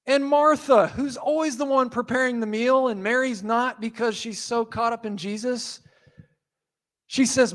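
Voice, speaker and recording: A man pastor giving a sermon, telling the story with animated voices and asides. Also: very high voice, unhurried. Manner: animated storytelling, acting out quotes.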